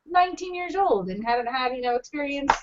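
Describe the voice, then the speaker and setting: A woman co-hosting a podcast, telling a crude story in casual chat with an animated, laughing delivery. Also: high-pitched, a little fast, very noisy. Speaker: podcast co-host. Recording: dull lo-fi podcast audio.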